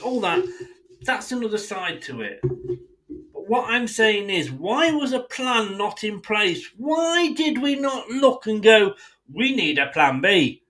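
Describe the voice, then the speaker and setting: Animated, exasperated English fan ranting. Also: male voice, high-pitched. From England. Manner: exasperated, blunt, swears freely; mimics others in asides. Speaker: football fan channel host. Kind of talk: impassioned fan rant.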